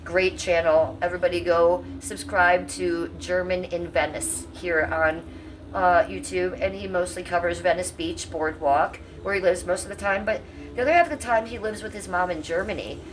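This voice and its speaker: A woman's voice: on the low side, fairly even intonation, moderate pace, far from the mic, poor audio. A woman in her fifties from Cleveland, casually chatting with her livestream viewers in a salty, talkative way, with an occasional cough. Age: 50s. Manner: chatty, salty, talks to chat. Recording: voice a bit off-mic, faint room hum.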